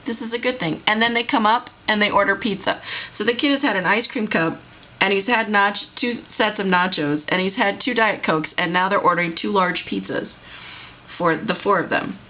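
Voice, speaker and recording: A woman vlogger telling a work story in an animated, exasperated storytime way. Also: mid-range voice, normal speed, dull audio. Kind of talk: storytime vlog.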